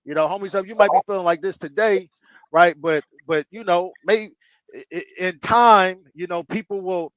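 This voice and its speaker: A man's voice: high-pitched, moderate pace, fairly bright tone, no echo, lo-fi sound. A man telling a long personal story on an online panel in loose, slangy street talk, full of fillers. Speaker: panel guest.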